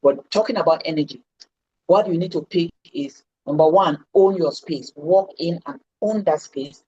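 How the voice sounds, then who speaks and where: A woman's voice: on the low side, normal speed, dark tone, husky, highs cut off. Emphatic woman coaching on a video call. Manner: emphatic, repeats key words. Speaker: public speaking coach. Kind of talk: live online lesson. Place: indoors, seated.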